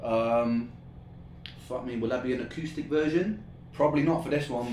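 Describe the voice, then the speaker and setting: A man's voice: mid-range voice, steady tone, normal speed, a little mellow. Chatty swearing man in an echoey room. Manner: rambling, swearing, laughing often. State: sweating from heat. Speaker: musician hosting a live stream. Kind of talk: casual chat. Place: indoor room, streaming setup. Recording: echoey room with faint ambient noise.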